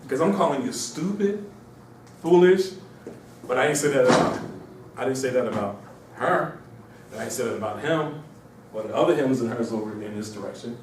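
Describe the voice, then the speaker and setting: A man from Mauritania giving an informal, animated lecture to a small audience, repeating himself and slipping into mocking voices. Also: medium pitch, brisk, pauses often, a little hiss or hum. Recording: echoey room, distant mic.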